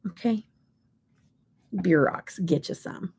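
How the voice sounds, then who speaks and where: Middle-aged woman from Kansas, makeup livestream host; low, husky, unhurried, rambling chat with whispered asides. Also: darkish tone. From Kansas, USA. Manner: chatty, rambling, drops into whispers. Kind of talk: casual live chat while swatching.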